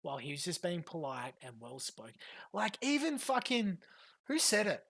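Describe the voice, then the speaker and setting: A woman's voice: lowish voice, very animated, gravelly, a bit bright. A woman streamer giving a profane, mocking reaction commentary to a clip. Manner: profane, fast mocking rants.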